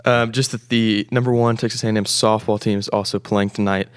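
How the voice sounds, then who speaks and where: A man's voice: fairly low pitch, level tone, brisk, clean tone, no room sound, studio quality. A man giving a sports news update, hesitant with many ums. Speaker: news and social media desk.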